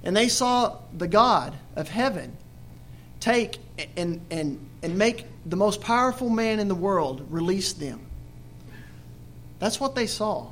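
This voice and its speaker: Male preacher, high-pitched, reads scripture and dramatizes the quoted complaints. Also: expressive, a little slow, fairly bright tone, a little hiss or hum. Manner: reads scripture then explains it with questions to listeners; acts out the Israelites' complaints in quoted voices. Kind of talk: Bible study sermon.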